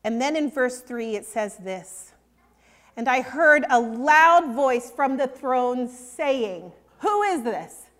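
An older woman preaching a sermon, earnest and emphatic, sometimes dropping to a hush. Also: high voice, expressive, slow. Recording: long hall reverb.

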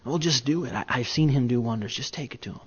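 A man preacher voicing a quiet, observant man softly coaxing a boy. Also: mid-range voice, fast, slightly rough, muffled recording, voice pushed down.

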